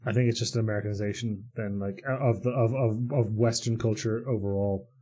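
A man co-hosting a casual podcast with a husky, slightly rough voice. He talks quickly, trips over his words and restarts, and trades jokes with his co-host. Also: fairly low pitch, steady tone, warm tone. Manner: bantering, stumbling restarts. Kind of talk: casual chat.

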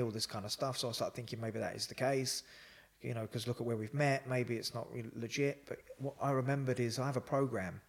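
Man telling rambling stories. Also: mid-range voice. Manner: rambling with frequent fillers and quoted dialogue. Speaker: podcast guest. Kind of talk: casual storytelling.

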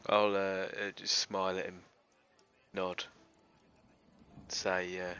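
A man's voice: low-pitched, flat delivery, takes it slowly, pauses often, bright, forceful tone, clear, resonant tone, dull audio. A man playing a tabletop game, speaking in a cheeky, joking way. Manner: cheeky, laughing. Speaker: player.

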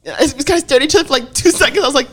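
A woman's voice: high-pitched, rapid-fire, noisy background. A woman co-hosting a podcast, telling a story in casual chat and acting out each quote. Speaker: podcast co-host.

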